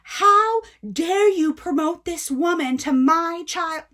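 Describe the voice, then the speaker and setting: A woman voicing a furious middle-aged mother scolding a bookstore clerk in a shrill, indignant rant. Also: lively intonation, takes it slowly, pushed and bright, full character voice. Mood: outraged.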